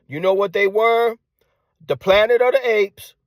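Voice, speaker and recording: Ranting man, rather high, dry sound. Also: unhurried, no room sound. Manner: combative, repeats phrases and rhetorical questions; drops to hushed tone at times. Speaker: commentator. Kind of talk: ranting monologue.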